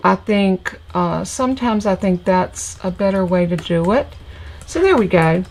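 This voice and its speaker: Speaking unhurriedly in a medium-pitched, slightly mellow and animated voice, this older Southern US woman runs a crafting channel's live stream, folksy and chatty as she welcomes viewers by name. There's a little background noise.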